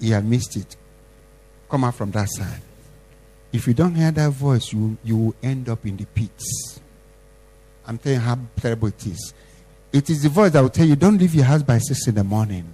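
Male pastor, husky voice, forceful exhortation with repeated lines, loud bursts and quiet drops. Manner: exhorting, repetitive, swings between loud emphasis and soft low lines. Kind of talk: sermon.

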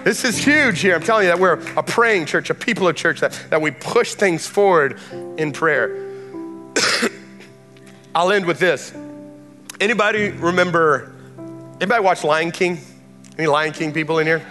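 A man preaching a sermon in a church, impassioned and repetitive, building up to shouts. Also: fairly high pitch, moderate pace, long pauses. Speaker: pastor. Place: church sanctuary. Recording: long hall reverb, faint music.

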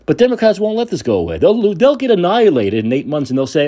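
Husky, animated ranting man. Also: high voice, fast, hardly any pauses. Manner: angry, sarcastic, profane. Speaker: podcast host. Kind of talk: political rant monologue.

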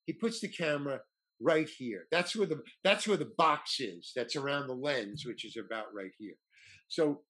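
A storyteller guest with a fairly high, husky voice tells a long anecdote in casual chat. He's animated and acts out the voices of the people he quotes.

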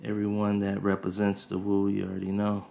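Here the thirty-something podcast host talks fairly quickly in a completely flat, gravelly voice that's fairly low and a little mellow. His rambling monologue is relaxed and full of swearing, recorded on a desk USB mic over faint music.

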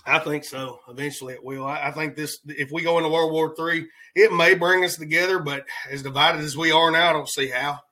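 A man's voice: fairly high pitch, flat delivery, brisk, few pauses, sharp tone, low-quality recording. A man hosting a podcast, giving rambling, heated political commentary in a colloquial way. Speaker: podcast host.

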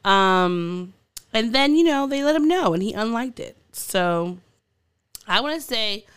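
A woman's voice: on the high side, lively intonation, unhurried, clear, resonant tone, dry recording. A woman co-hosting a podcast, telling odd news stories in a rambling, giggly casual chat. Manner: giggly, rambling with fillers and restarts. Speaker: podcast co-host.

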